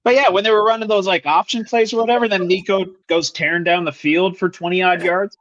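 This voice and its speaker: A man's voice: sits high, steady tone, brisk, fairly bright tone, lo-fi sound. A young man co-hosting a sports podcast, bluntly breaking down a football game in casual chat. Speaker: podcast co-host.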